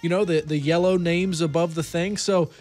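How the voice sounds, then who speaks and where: A man's voice: fairly high pitch, fairly even intonation, normal speed, darkish tone, soft background music. A man co-hosting a casual sports podcast, jokey and mock-earnest. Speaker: podcast co-host. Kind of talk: casual chat.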